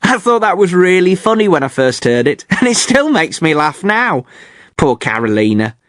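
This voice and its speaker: Animated man hosting a learner podcast. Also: high-pitched, moderate pace, dry recording, studio quality. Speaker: podcast host. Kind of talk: scripted learner podcast presenting.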